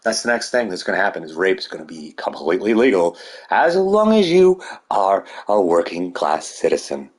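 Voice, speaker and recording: A man's voice: deep voice, sing-song, normal speed, breathy edge. A man delivering a rambling, heated monologue full of swearing. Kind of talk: ranting monologue.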